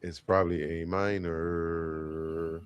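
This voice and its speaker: A man's voice: low voice, level tone, slow, smooth, dry recording. A man co-hosting a podcast, joking in a laid-back casual way. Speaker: podcast co-host. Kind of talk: casual chat.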